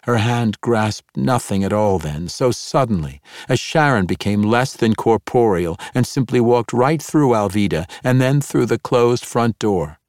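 A man narrating a dark fantasy audiobook in a measured storytelling manner. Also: medium pitch, animated, no room sound, studio quality.

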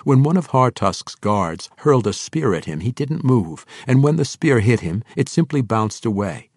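A man reading a fantasy novel aloud in a steady, measured narration. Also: medium pitch, slightly rough, no room sound, clean studio sound. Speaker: audiobook narrator.

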